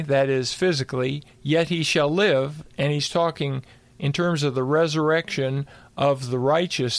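A man's voice: fairly high pitch, no echo. A man co-hosting a theological discussion, explaining scripture by quoting it verse by verse. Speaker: co-host and Bible teacher.

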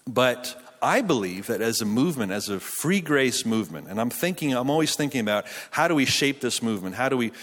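A man's voice: medium pitch, lively intonation, fast, hardly any pauses, fairly bright tone. A pastor in his thirties from Canada, preaching a sermon in a chatty, self-deprecating storytelling way with frequent restarts. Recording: hall reverb from a live venue.

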